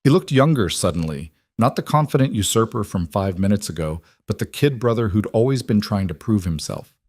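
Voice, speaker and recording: Male narrator, steady scripted delivery, low and dry. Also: fairly quick, no echo.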